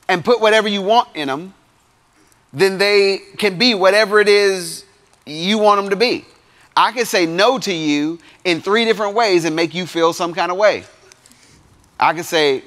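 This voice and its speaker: A man preaching a sermon to young people, swinging between loud points and quiet asides. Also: high voice, lively intonation, moderate pace. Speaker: youth pastor.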